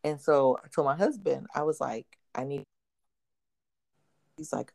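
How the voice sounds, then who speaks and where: Her deep, gravelly voice moves at a measured pace as she co-hosts a casual podcast chat. Storytelling is her thing: she performs the quotes with animation and breaks into laughter a lot.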